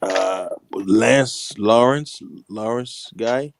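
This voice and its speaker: A man chatting casually on a podcast, close to the mic, often breaking into giggles and high impressions. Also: extremely slow, a little hiss or hum. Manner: giggly, keeps breaking into laughter and falsetto impressions.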